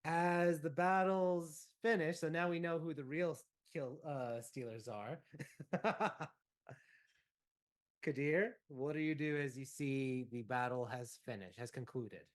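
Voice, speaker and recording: A man narrating as game master of a tabletop role-playing game, relaxed and prompting each player in turn. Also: fairly high pitch, unhurried.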